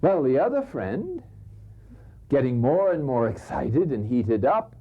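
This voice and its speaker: Older priest telling lively stories. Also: male voice, on the low side, moderate pace, slightly rough. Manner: lively storytelling, chuckles, drops to a hush for emphasis. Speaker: priest giving a spiritual conference. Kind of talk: spiritual talk with anecdotes. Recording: dull lo-fi recording.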